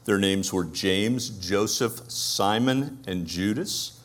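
A man's voice: lowish voice, takes it slowly, fairly bright tone. A man with a Brooklyn accent preaching a conversational sermon, asking his listeners rhetorical questions. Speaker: pastor.

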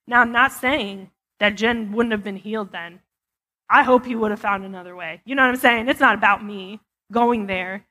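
A woman's voice: mid-range voice, normal speed, bright, forceful tone. Candid woman preaching in a reverberant church. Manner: candid, chatty, many fillers. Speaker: church speaker. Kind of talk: personal testimony sermon. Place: church sanctuary. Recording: long hall reverb.

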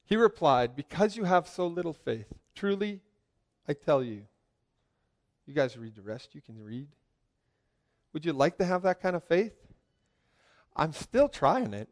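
A man preaching a lively sermon, joking with his congregation and asking them questions. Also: fairly high pitch, measured pace, long pauses. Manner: joking, asks the crowd questions, swings from loud calls to quiet asides.

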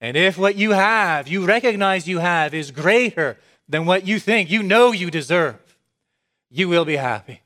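Slow, emphatic male preacher. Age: adult with young children. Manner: builds from low measured tones to excited, emphatic preaching. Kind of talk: sermon.

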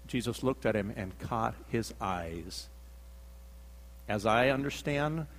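A man delivering a sermon in a mid-range voice, building drama as he acts out each scene and leans on repetition. His voice carries a long reverb tail, as though he is speaking in a large hall. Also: mid-range voice. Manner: dramatic storytelling, acting out quotes, emphatic repetition. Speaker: preacher.

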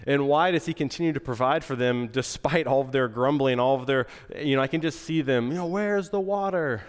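A male pastor with a stuffy, nasal voice from a cold, preaching in a relaxed, conversational way with asides. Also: medium pitch, a little fast, smooth, long reverb tail. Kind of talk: sermon.

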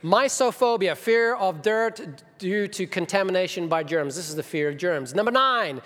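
Middle-aged male pastor, high-ish voice, animated storyteller, hall reverb. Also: normal speed. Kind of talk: sermon with personal stories. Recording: long reverb of a church hall.

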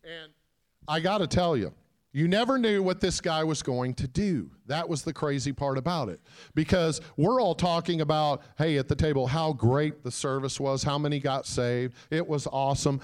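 A man giving a sermon as a guest preacher, telling a story and calling out to the congregation, moving between loud shouts and hushed quiet. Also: on the high side, normal speed. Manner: calls out to the congregation.

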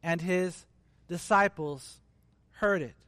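A man preaching a sermon in a relaxed, conversational way, acting out the voices of people he describes. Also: high-pitched, slow, no echo. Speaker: pastor.

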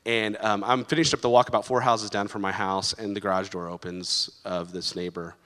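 A man shares a story at a church service in an animated, laughing way. His voice is bright and sharp. It rings out with the long reverb of a big hall. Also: fairly low pitch, fairly quick. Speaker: guest sharing a testimony. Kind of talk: storytelling testimony.

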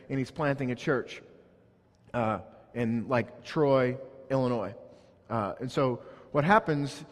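A man's voice: mid-range voice, big-room sound. A man preaching a sermon, telling a story and building up to emphatic points. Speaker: pastor.

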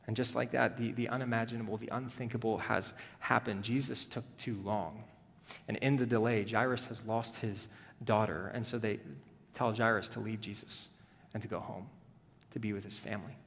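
A male pastor preaching a sermon, moving between hushed, tender passages and rising, urgent emphasis. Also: on the low side, fairly even intonation, normal speed, gravelly, husky, big-room sound.

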